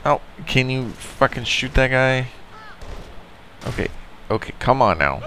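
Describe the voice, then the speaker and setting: A man giving casual, excitable commentary while playing a video game, reacting out loud and swearing often. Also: medium pitch, measured pace, a little hiss or hum. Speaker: let's play gamer.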